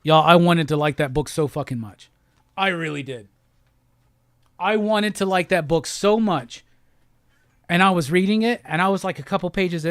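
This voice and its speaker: A man's voice: high voice, lively intonation, normal speed, fairly bright tone, dry recording. Profane ranting man, very dry sound. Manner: heated, profane, repetitive ranting. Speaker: comic book show host. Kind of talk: profane rant-style comic review.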